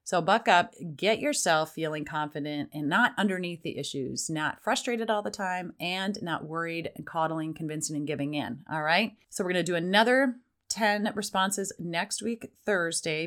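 A woman's voice: fairly low pitch, normal speed, hardly any pauses, a bit bright. A woman hosting a parenting podcast, chatting casually and acting out parent lines in a raised voice. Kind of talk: casual solo podcast talk.

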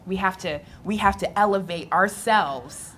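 A young adult woman on a live panel, telling her story in an animated way and laughing often. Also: medium pitch, unhurried, slight background noise. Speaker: physical therapist on a panel.

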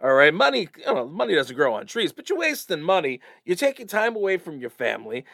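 A middle-aged man with an East Coast American accent co-hosting a podcast, chatting in a rambling, animated way with frequent fillers. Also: a little high, brisk, creaky, dry recording, clean studio sound. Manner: rambling, animated, swears casually. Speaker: podcast co-host. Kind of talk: casual chat.

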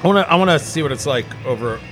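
A man's voice: a little high, expressive, very fast, fairly bright tone, soft background music. A middle-aged man hosting a casual tasting chat, rambling and restarting his sentences with a joking tone. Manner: rambling, self-interrupting, jokey. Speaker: podcast host.

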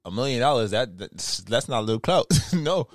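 A man's voice: mid-range voice, animated, a little fast, a loud crowd. Incredulous man on a podcast. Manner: incredulous, blunt, laughing. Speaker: podcast co-host. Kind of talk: casual chat.

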